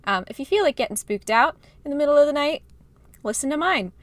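A woman's voice: sits high, lively intonation, quick pace, no echo. A young woman co-hosting a casual podcast from home over a video call, bubbly, giggling and apologetic. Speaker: podcast co-host. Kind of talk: casual chat. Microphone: close podcast mic.

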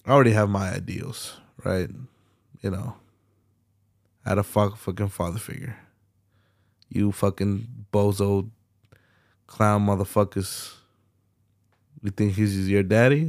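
A man's voice: on the low side, fairly even intonation, takes it slowly, pauses often, dry recording, clean studio sound. A young man hosting a solo podcast late at night, ranting bluntly with heavy profanity and slang. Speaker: podcast host.

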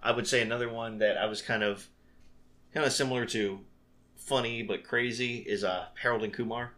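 Bright-voiced man chatting about movies. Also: mid-range voice, moderate pace. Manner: animated storyteller who acts out scenes. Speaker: podcast co-host. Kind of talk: casual movie chat.

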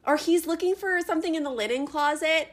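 A woman co-hosting a book podcast, telling a funny scene in an animated, giggly way. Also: high voice, fairly quick. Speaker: podcast co-host. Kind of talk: casual chat.

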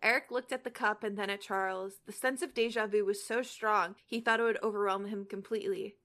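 A woman's voice: mid-range voice, steady tone, fairly quick, fairly bright tone. A young woman podcast host reading fan fiction aloud and chatting, hesitant with many fillers and restarts. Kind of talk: reading aloud and casual chat.

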